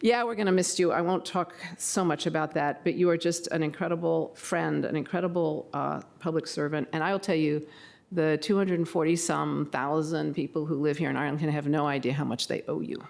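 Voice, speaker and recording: A woman's voice: deep voice, brisk, vocal fry. Rambling, chatty older woman at a public meeting. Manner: rambling, chatty, self-deprecating, with animated quoted asides. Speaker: county board member. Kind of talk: informal tribute speech.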